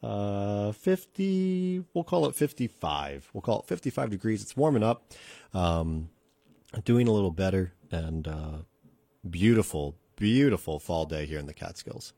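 A man's voice: lowish voice, sing-song, measured pace, vocal fry, dark tone, dry recording. Earnest man preaching on a radio show. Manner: earnest, repeats phrases for emphasis. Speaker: radio podcast host and preacher. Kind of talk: casual radio sermon. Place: radio studio.

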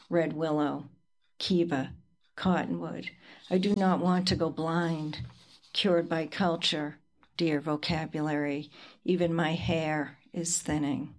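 A woman poet reads her work aloud slowly and deliberately, letting pauses hang between the lines. Her slightly low voice never rushes.

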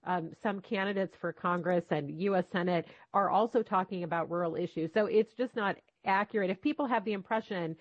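A woman's voice: fairly low pitch, dry recording. Matter-of-fact woman on a dull line. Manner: measured, matter-of-fact explaining. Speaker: guest reporter. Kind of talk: radio interview. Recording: dull dry remote line.

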